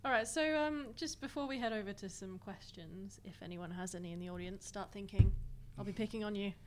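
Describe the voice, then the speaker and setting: A woman moderating a live panel in a medium-pitched voice. She talks in a chatty way with hesitant fillers, over a faint hum. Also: fairly quick.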